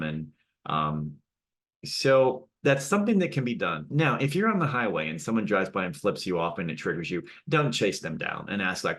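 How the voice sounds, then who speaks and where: A man giving a calm, conversational spiritual talk, sometimes acting out the people he quotes. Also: fairly low pitch. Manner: gentle, conversational, acts out quoted exchanges. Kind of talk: reflective monologue.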